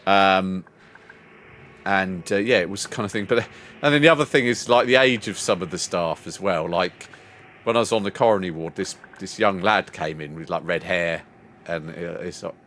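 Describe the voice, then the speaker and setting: An older man streaming a game, chatting casually and telling a long rambling story, putting on higher voices when he quotes people. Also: moderate pace, fairly bright tone, a little hiss or hum. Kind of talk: casual chat while gaming.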